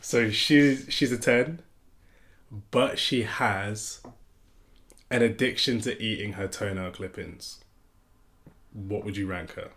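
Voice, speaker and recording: A man's voice: on the low side, steady tone, fairly bright tone. A man co-hosting a casual podcast, asking questions and laughing often. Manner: laughing, teasing, quick asides. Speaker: podcast co-host. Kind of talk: casual banter.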